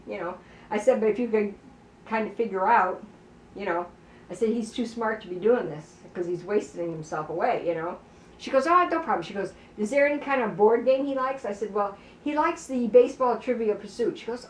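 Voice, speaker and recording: A woman telling a family story in casual conversation, acting out the dialogue and filling her talk with "you know.". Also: medium pitch. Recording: roomy, distant, faint background noise.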